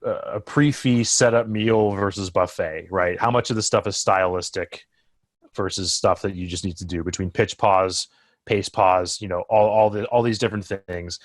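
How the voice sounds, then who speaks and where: A man's voice: deep voice, normal speed, no echo, studio quality. A man hosting a podcast, asking a long question hesitantly, with many restarts. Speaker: podcast host. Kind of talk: interview questions.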